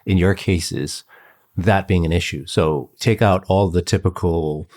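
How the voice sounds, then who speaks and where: Very deep-voiced chatty male podcast host. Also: unhurried. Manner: relaxed, chatty, laughs while telling anecdotes. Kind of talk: conversational interview.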